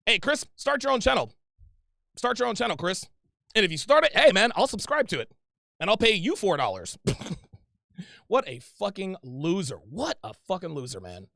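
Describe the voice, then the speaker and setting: Reading viewer super chats on his livestream, a man fires back in an angry, profane, combative rant full of repetition. His high, gravelly voice sounds pushed and bright with big pitch swings, at normal speed with long pauses. It's recorded in studio quality without echo.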